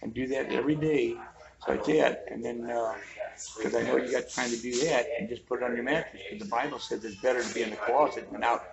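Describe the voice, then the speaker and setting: Man, 50s, gravelly, folksy joker, storytelling, crowd noise behind. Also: mid-range voice, fairly even intonation, fast talker, low-quality recording. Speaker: interviewee. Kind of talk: casual storytelling chat. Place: roadside outdoors.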